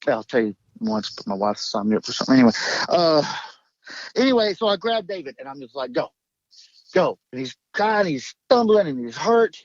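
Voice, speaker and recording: Man, higher voice, rambling storyteller, swears a lot, dry lo-fi sound. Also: very animated, a little fast, dry recording. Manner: emphatic, profane, jumps between thoughts. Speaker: guest recounting an encounter.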